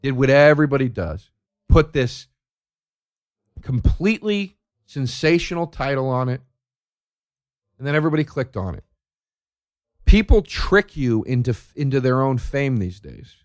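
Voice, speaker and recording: A comedian in a profane, sarcastic rant, firing off one rhetorical question after another. His voice is mid-pitched, and the recording is dry and close, with no room echo. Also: lively intonation, a little slow, long pauses.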